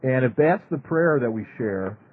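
A man's voice: mid-range voice, animated, normal speed, a little hiss or hum. A man hosting a radio talk show, earnest, often stumbling and repeating words. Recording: narrow phone-like radio sound.

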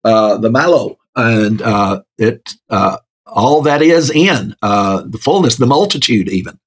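Guy chatting about the bible, low husky voice, lots of uhs, laughs a lot. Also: slow pace. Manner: rambling, many fillers, laughs often. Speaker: co-host of a Bible talk show. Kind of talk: casual Bible discussion.

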